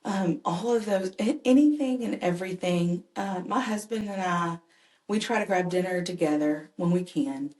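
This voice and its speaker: A woman's voice: fairly low pitch, normal speed, darkish tone. A woman, a mother and caregiver, telling personal stories earnestly and animatedly as a podcast guest. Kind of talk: conversational personal storytelling. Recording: echoey room.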